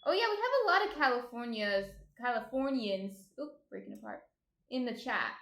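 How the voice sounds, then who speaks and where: A woman hosts a casual cooking stream. She chats in an animated way and reads viewer comments aloud. Her voice sits fairly high and carries a noticeable room echo. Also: a little fast. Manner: animated, reading viewer chat aloud and bantering. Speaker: livestream cooking show host. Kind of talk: casual livestream chat. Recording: roomy echo.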